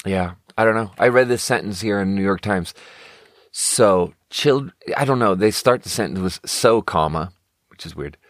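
A man in his thirties talking in a loose, swearing, meandering way, often breaking off and restarting. His voice sits low. The sound is dry and close to the mic. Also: normal speed, no echo. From Sweden. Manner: rambling, profane, self-correcting. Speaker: podcast host. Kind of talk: casual monologue.

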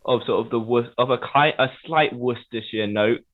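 A man's voice: medium pitch, normal speed. A man with a Southern English accent chatting as a guest, hedging often with "sort of". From England. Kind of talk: casual chat. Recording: tinny phone-like line.

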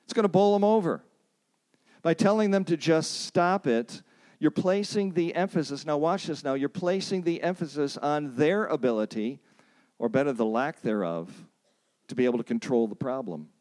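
A man's voice: normal speed, a little mellow. A man teaching a church counseling seminar, earnest and emphatic, quoting scripture and repeating key points for emphasis. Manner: acts out pleading phrases in a higher voice.

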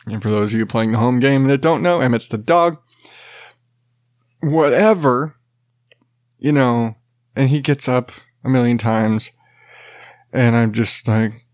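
A man's voice: mid-range voice, a little slow, pauses often, no room sound, studio quality. Tired, rambling man in his thirties. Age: 30s. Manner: rambling, self-interrupting, laughs often, swears casually. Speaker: podcast host and father. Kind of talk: casual chat.

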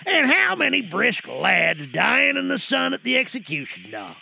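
A man playing a relaxed actor who is voicing a growling pirate captain. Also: very high voice, unhurried, creaky, slight background noise, exaggerated voice. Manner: drawling pirate growl, shrugs off scolding. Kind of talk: comedic sketch acting.

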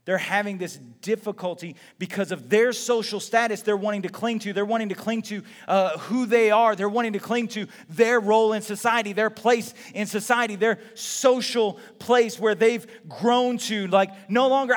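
High-voiced male pastor in a reverberant hall. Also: normal speed, few pauses. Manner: conversational preaching with rhetorical questions and acted-out quotes. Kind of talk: sermon.

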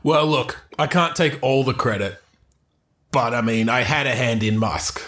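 A man's voice: mid-range voice, unhurried, fairly bright tone. A man improvising a smug, scheming character who claims to steer people toward failing upwards. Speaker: improv comedian playing a scheming spirit. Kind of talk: improvised comedy chat.

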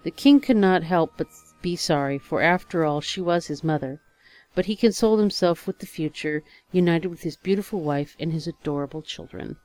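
A woman's voice: fairly low pitch, dry recording, faint music behind. Woman reading a fairy tale aloud. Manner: measured, expressive narration. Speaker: storyteller. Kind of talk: storybook reading.

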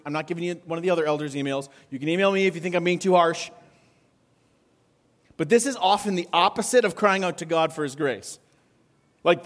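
A man with a fairly high voice preaches to his congregation. He talks in a relaxed, conversational way. He keeps asking his listeners questions as he goes. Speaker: pastor. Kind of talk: sermon.

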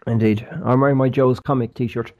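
A man's voice: medium pitch, steady tone, moderate pace, darkish tone, highs cut off. A man co-hosting a podcast, chatting casually with dry, joking banter. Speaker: podcast co-host. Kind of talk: casual chat. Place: rented flat abroad.

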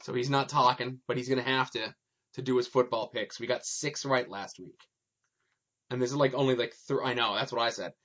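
A man's voice: medium pitch, steady tone, brisk, a bit bright. A man talking playfully and teasingly to his child in casual chat. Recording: dull lo-fi sound.

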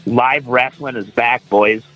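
A man's voice: mid-range voice, takes it slowly, a bit bright, lo-fi sound, soft background music. Chatty man with self-mocking humor. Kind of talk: casual podcast chat.

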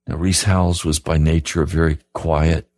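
A man's voice: rumbling low, little pitch movement, moderate pace, darkish tone, dry recording. A man preaching a radio sermon, earnest and pleading, repeating his questions to the listener. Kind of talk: sermon broadcast.

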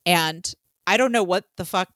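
A woman from Georgia co-hosts a podcast, chatting casually with many fillers and some swearing. Her voice is on the low side yet fairly bright in tone, at normal speed, on a dry recording.

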